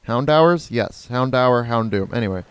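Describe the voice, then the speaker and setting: In a dry recording, a let's-play host speaks at medium pitch with a clean tone and unhurried pace. He rambles playfully over his gameplay, mimics creature cries, and corrects himself along the way.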